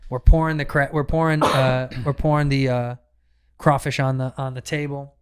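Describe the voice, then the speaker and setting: A man, a comedian guest on a podcast, telling a profane, animated story in casual chat with many restarts. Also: mid-range voice, normal speed, background noise.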